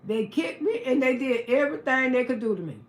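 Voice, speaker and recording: Livestream host, female, high bright voice, swears freely while she tells a story, echoey room. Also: brisk. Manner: profane, animated, emphatic retelling. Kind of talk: casual storytelling to a live audience.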